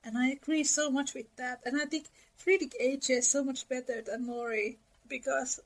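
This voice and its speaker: A woman co-hosting a book podcast, sharing animated, opinionated views. Her voice sits notably high. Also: moderate pace, rough recording. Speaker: podcast co-host. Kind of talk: casual book discussion.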